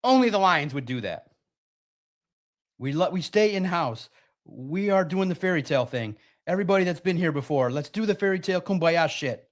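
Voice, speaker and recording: Live-stream sports host, male, slightly high voice, animated and sarcastic, reads chat aloud. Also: moderate pace.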